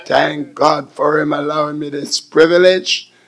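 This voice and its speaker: High-voiced, unhurried preaching man. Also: steady tone. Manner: rhythmic preaching with repeated "my God" refrains, building to shouts. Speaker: preacher filling in for the bishop. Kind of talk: radio sermon.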